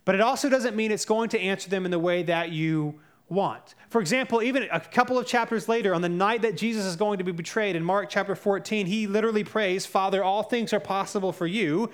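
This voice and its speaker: A man's voice: high voice, brisk. A young male pastor preaching a sermon in a conversational way, telling personal stories.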